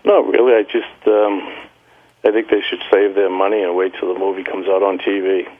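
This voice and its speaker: A man's voice: deep voice, level tone, normal speed, slight background noise. A man interviewed as a guest on a radio show, speaking bluntly and plainly, with frequent "uh"s. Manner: blunt, plain-spoken, with many "uh"s. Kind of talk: phone-in interview. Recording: narrow phone line.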